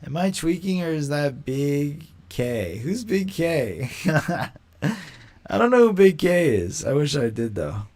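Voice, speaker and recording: A young man hosting a casual live stream, talking in a slangy, rambling way and quick to mock. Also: fairly high pitch, very animated, darkish tone. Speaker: livestream host.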